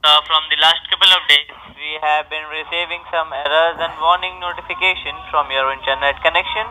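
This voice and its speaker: A man's voice: a little high, steady tone, brisk, background noise. A man making a scam call, reading a scripted tech-support warning. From India. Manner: reads a scripted tech-support warning, testy when mocked. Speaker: scam caller. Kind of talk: scripted scam phone pitch.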